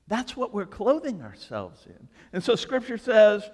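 High, lively preaching man. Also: measured pace. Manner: animated, joking storytelling. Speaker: pastor. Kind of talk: sermon. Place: church sanctuary. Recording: reverberant church hall.

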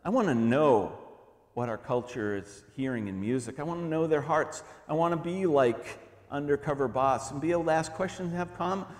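A middle-aged man preaching a sermon in a church, conversational and animated, with humorous asides. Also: a little high, moderate pace. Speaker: pastor. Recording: long hall reverb.

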